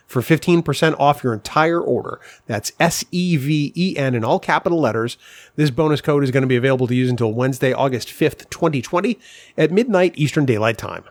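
A man's voice: a little high, dry recording. A man co-hosting a podcast, reading sponsor notes and teasing his co-host in casual chat. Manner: joking, teasing banter.

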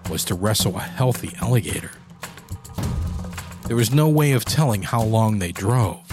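A man narrating a horror story in a steady, measured storytelling manner. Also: on the low side. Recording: voice over clear background music.

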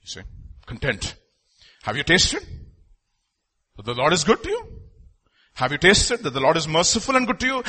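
Man, sermon, lively swooping delivery, raspy edge, repeats himself. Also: fairly high pitch, normal speed, long pauses. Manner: animated, rhetorical questions, repeats phrases. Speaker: preacher.

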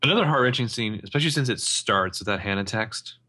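A man's voice: lowish voice, expressive, quick pace, sharp tone, husky. A man co-hosting a casual podcast, riffing and joking about a TV episode. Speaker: podcast co-host. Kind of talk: casual chat.

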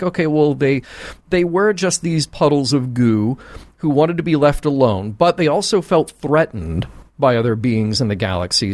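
A man's voice: mid-range voice, no echo. Emphatic man in dry podcast chat. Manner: animated, emphatic, exclamatory. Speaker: podcast co-host. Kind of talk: casual chat.

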